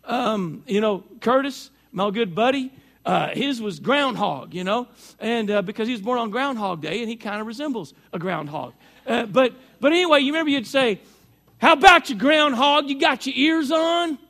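This middle-aged pastor's sermon comes in a high, creaky, slightly bright voice with lively intonation at normal speed, strained by allergies. Folksy and chatty, he trades remarks with the congregation as he preaches.

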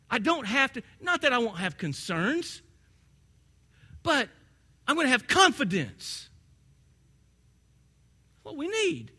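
Bright, high-voiced man preaching. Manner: conversational storytelling preacher, rising to emphatic peaks. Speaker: pastor. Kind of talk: sermon.

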